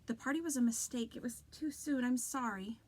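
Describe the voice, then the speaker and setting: A woman's voice: fairly high pitch, fairly quick, pitched above the performer's own voice, close to an everyday voice. Distraught mother, tearful and anxious, storybook read-aloud, voiced by a woman.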